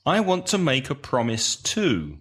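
Slow, careful male English teacher. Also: mid-range voice, huge pitch swings, a bit bright, slightly rough. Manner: slow, careful, spells out syllables and stress. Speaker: podcast co-host, English teacher. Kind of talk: teaching podcast chat.

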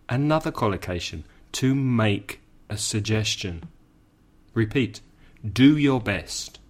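Slow, deliberate male English teacher. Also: on the low side, lively intonation. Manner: slow, deliberate, repeats phrases for learners; adds brief Spanish glosses. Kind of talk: language lesson.

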